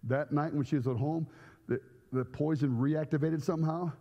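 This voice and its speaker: A middle-aged male pastor telling a story in a sermon, acting out the scenes with shouts and sound effects. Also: a little high, steady tone, normal speed, dull audio. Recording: echoey hall.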